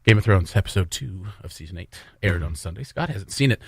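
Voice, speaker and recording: A man's voice: low voice, expressive, fairly quick, vocal fry, over loud music. A Canadian man co-hosting a radio show, chatting casually in a rambling, joking way. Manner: rambling, jokey, puts on silly voices. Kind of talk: casual chat.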